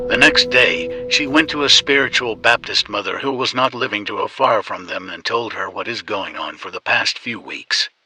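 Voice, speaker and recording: A man telling a ghost story in slow, even scripted narration. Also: fairly low pitch. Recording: music bed under the voice.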